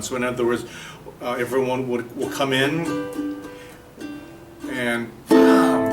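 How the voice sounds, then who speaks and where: A man's voice: mid-range voice, far from the mic. A man teaching a ukulele strum lesson, patiently explaining and counting beats aloud while he plays. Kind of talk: music lesson. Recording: roomy echo from off-mic.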